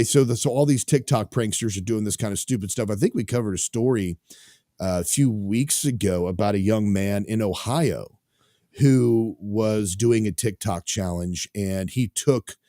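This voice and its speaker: A man's voice: fairly low pitch, mellow, no room sound, studio quality. A man hosting a talk radio show, chatting casually and rambling with lots of fillers.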